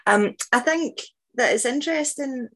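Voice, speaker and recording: A woman's voice: high-pitched, normal speed, fairly bright tone. A woman co-hosting a political chat, playful and chatty, checking facts with questions. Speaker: podcast co-host. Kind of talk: casual political discussion.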